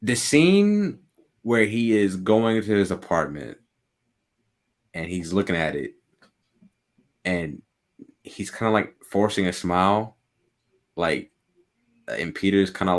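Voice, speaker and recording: Excitable young man, low voice. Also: takes it slowly, pauses often. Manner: excitable, heavy use of "like", laughs often. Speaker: podcast co-host. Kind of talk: casual chat.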